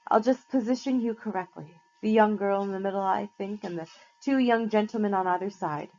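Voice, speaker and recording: A woman's voice: medium pitch, darkish tone, close to an everyday voice. A woman reading aloud and voicing an old female gorgon who speaks in a honeyed, coaxing way. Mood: sugary. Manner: honeyed, coaxing, slow and sugary. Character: sweet-talking old female gorgon, menacing beneath. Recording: slightly muffled lo-fi recording.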